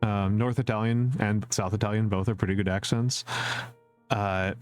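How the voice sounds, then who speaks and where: With soft background music playing, a man from the US Upper Midwest chats casually on his live stream as a VTuber, answering viewers' questions. He rambles and repeats himself with plenty of fillers and laughs at his own jokes, in a lowish, fairly even, clear, resonant and slightly mellow voice at moderate pace.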